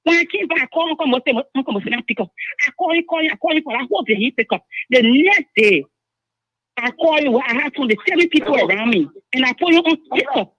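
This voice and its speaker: A woman's voice: sits high, lively intonation, fast, a bit bright, no room sound. A woman with a Liberian English accent, calling in to a show, speaking urgently and insistently and repeating herself. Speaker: caller. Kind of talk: emotional phone-in account. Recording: dull phone line.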